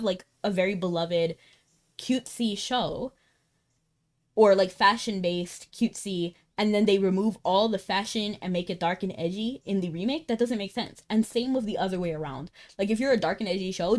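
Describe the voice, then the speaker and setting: A woman's voice: mid-range voice, a little mellow. A young woman streaming a game, chatting casually and animatedly, breaking into laughter and incredulous outbursts. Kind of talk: casual livestream chat while gaming.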